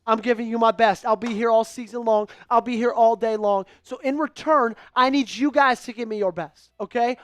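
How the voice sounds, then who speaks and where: A man calling a game live for an online fan stream, hyped and pleading with his viewers, rising to shouts at big plays. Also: very high-pitched, steady tone, normal speed, few pauses, no room sound, soft background music. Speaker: fan livestream play-by-play host. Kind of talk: excitable live play-by-play commentary.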